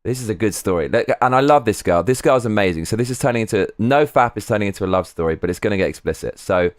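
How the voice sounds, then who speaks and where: A man's voice: on the low side, expressive, fast talker, no room sound, clean studio sound. A man chatting on a live stream, candid and rambling, swearing freely. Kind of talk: casual live-stream chat.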